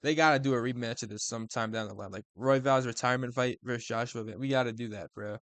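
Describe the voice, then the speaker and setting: A young man giving a casual, profane fight recap, excitable and full of bro slang. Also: mid-range voice, quick pace, no room sound. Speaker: MMA commentator.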